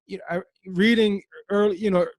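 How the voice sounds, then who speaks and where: A man's voice: sits high, fairly even intonation, a little fast, dry recording. A man hosting a podcast, asking long, rambling questions full of restarts. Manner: rambling, many fillers and restarts. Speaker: podcast host. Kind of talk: interview questions.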